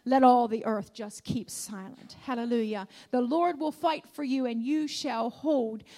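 A woman's voice: a little high, measured pace, dark tone. A woman preacher delivering a sermon, emphatic and repetitive, often calling out hallelujah. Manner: emphatic, repeats lines, calls out hallelujah.

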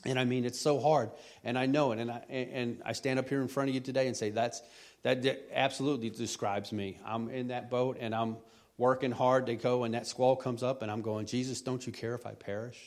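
A man's voice: medium pitch, flat delivery, fairly quick, darkish tone. Rambling middle-aged man preaching. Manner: rambling, repeats words, folksy. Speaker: lay preacher. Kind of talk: conversational sermon.

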